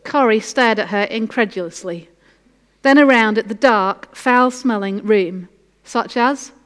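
A woman's voice: medium pitch, unhurried. A woman preacher giving an earnest, encouraging sermon with a story read aloud. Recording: echoey hall.

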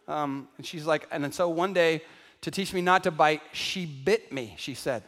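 A man preaching a sermon to a congregation, animated and calling out to the crowd, acting out everyday voices for laughs. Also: on the high side, moderate pace, in a large hall. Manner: acts out household voices for laughs. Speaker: pastor. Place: large church hall.

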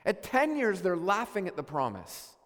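Male pastor, sermon delivery, earnest and questioning, high-pitched, hall echo. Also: wildly swooping pitch, moderate pace, fairly bright tone. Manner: earnest, questioning, with many restarts.

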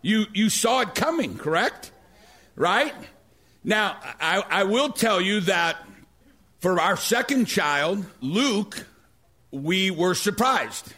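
A middle-aged male pastor preaching a sermon, telling stories with animated energy and rising to near-shouts. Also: sits high, takes it slowly.

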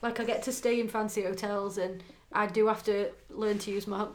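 A woman's voice: medium pitch, steady tone, normal speed. A woman from England co-hosting a podcast in casual chat, rambling with plenty of fillers. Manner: chatty, rambling, lots of "like" fillers. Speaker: podcast co-host.

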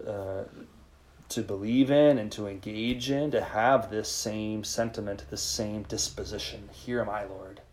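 A priest speaking in a conversational sermon to a live group, leading them in call-and-response. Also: male voice, lowish voice, a little mellow. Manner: informal, leads call-and-response with listeners.

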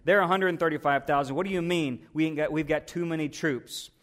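A man preaching, voicing a brash soldier-leader in a casual, exasperated, slangy way, a little lower than his usual voice. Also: fairly quick, natural voice. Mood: incredulous.

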